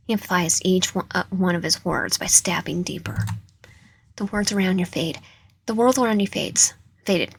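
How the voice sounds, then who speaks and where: A woman's voice: medium pitch, slightly rough. A young woman reading a dating sim aloud, often stumbling over words and correcting herself. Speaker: gaming channel host.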